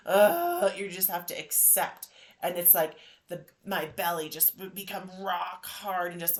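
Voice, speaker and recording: A woman in her thirties, hosting a podcast and telling a personal story in an animated, emotional way. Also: fairly low pitch. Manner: emotional, animated retelling with acted quotes. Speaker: podcast host.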